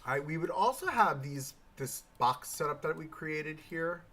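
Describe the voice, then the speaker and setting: A man hosting a live building game stream, thinking aloud in a chatty way, with sudden bursts of excitement. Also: a little high, measured pace. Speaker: livestream host building in a park game. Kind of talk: casual live gameplay commentary.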